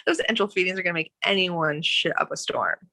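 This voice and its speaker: A woman's voice: lowish voice, quick pace, sharp tone, no room sound. A woman nurse chatting frankly and casually on a podcast, laughing often.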